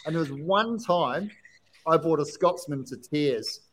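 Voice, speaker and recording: A man's voice: on the high side, animated, unhurried, a bit bright, slight background noise, low-quality recording. A man with an Australian accent who hosts a casual podcast chat, talking agreeably and saying "yeah" a lot. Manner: chatty, agreeable, lots of "yeah". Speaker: podcast host.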